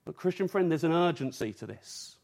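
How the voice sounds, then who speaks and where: Guy from england preaching, slightly high voice, earnest and urgent, keeps asking the congregation questions. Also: expressive, fairly quick, gravelly, darkish tone. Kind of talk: evening sermon.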